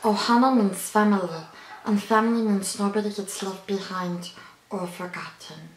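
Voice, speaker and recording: A woman voicing a small alien creature with a gruff cartoon voice. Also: mid-range voice, fairly even intonation, moderate pace, reverberant, over music, natural voice, low-quality recording. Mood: earnest. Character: gravelly little alien creature.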